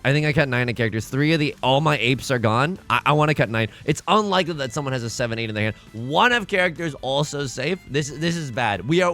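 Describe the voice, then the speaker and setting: A man's voice: medium pitch, fairly bright tone. A young man casually commentating a tile game he is playing, rambling with self-mocking asides. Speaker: let's play host.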